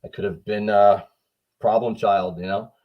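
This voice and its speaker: A man's voice: lowish voice, steady tone, normal speed, muffled recording. A man, a firefighter and art teacher, telling an earnest, heartfelt story as a guest in casual chat. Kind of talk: casual video-call chat.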